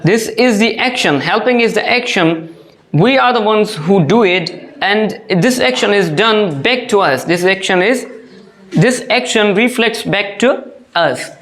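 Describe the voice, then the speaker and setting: Slow, repetitive grammar teacher. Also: mid-range voice, lively intonation, fairly bright tone. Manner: slow, deliberate, repeats each phrase and example; addresses listeners as dear students. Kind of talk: classroom grammar lesson.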